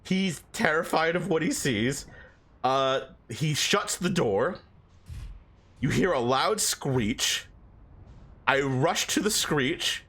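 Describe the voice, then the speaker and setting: A man's voice: fairly high pitch, animated, slow pace, pauses often, bright, forceful tone, slightly rough. A young man telling a story about his dream in a rambling, laughing way, swearing often. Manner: rambling, swears a lot, laughs between lines. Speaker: streamer.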